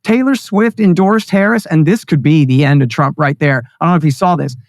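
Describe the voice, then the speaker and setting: A man's voice: a little high, brisk, darkish tone, no room sound, clean studio sound. A man speaking as a guest in a political interview, ranting with sarcasm and scorn. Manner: mocks others in put-on voices. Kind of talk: heated political interview talk.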